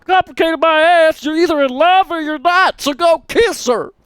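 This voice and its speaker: A high-voiced co-streamer reads a game's dialogue aloud. Silly jokes slip in between the lines. The sound is close and dry. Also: moderate pace, fairly bright tone, dry recording. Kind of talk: let's play with voiced dialogue.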